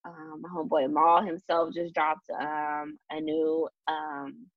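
A woman's voice: low voice, slow, vocal fry, dry recording. A young woman hosting a casual podcast chat, rambling with lots of fillers and restarts. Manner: rambling, many fillers and restarts, laughs often. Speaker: podcast host. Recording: dull lo-fi sound.

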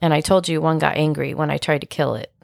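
A woman's voice: low voice, steady tone, quick pace, creaky, no echo. A woman co-hosting a podcast with her husband, chatting casually with playful mock exasperation. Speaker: podcast co-host. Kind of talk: casual banter.

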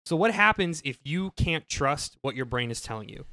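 A man's voice: fairly high pitch, animated, moderate pace, sharp tone, no echo. A man co-hosting a podcast, explaining his pick enthusiastically with frequent restarts. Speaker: podcast co-host. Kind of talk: casual chat.

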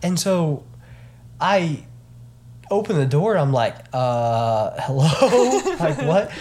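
A man's voice: a little high, animated, slow pace, a little mellow. A man co-hosting a casual chat podcast, telling a story in a rambling way with many fillers. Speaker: podcast co-host.

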